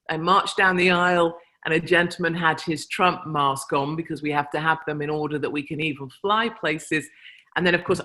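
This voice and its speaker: A woman's voice: lowish voice, a bit bright. British woman, convention speaker, emphatic storytelling style to a live crowd. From Britain. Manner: chatty anecdotal storytelling, emphatic. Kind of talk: speech to a live audience.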